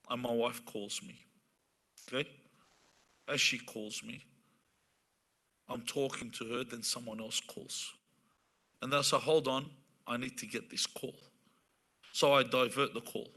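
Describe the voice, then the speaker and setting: A man speaking at a religious centre in a relaxed, conversational way, with a very bright, forceful tone. He stays at a middle pitch and slips into little acted-out exchanges as he talks. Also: creaky. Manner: conversational, acts out everyday dialogues. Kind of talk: sermon-style talk.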